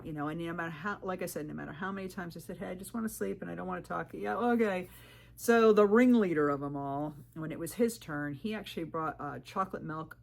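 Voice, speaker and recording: A middle-aged woman vlogging about hiking, telling a story in an indignant, animated way and mimicking other people's lines. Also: fairly low pitch. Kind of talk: casual storytelling monologue.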